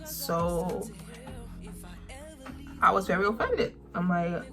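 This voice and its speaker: A woman's voice: fairly low pitch, faint music behind. Young woman telling an emphatic storytime. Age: young adult. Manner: animated, emphatic, drawn-out words. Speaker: vlogger. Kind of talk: storytime vlog.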